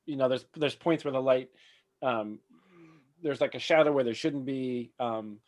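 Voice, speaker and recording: A man running a tabletop role-playing game as game master, narrating scenes in a relaxed way with fillers and frequent laughs. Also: medium pitch, moderate pace. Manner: relaxed, laughs often, thinks aloud with fillers.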